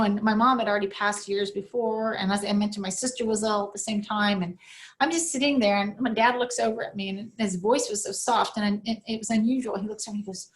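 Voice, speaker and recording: A middle-aged woman, a podcast guest, telling a personal story with earnest, animated delivery. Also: mid-range voice. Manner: earnest, animated, acts out the voices in her story.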